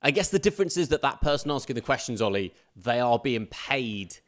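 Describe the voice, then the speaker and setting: A man's voice: mid-range voice, very animated, brisk, a bit bright. A man co-hosting a casual sports podcast, playing devil's advocate with a wry, teasing edge. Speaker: podcast co-host.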